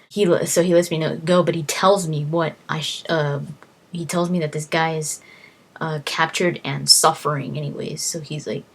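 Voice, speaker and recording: A woman with a low-pitched voice casually tells stories from her game. She restarts her sentences often and acts out her own exclamations, and she sinks into a whisper when things get spooky. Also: normal speed, husky. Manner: animated, acts out exclamations, many fillers and restarts. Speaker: gamer recounting quests. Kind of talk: casual storytelling vlog.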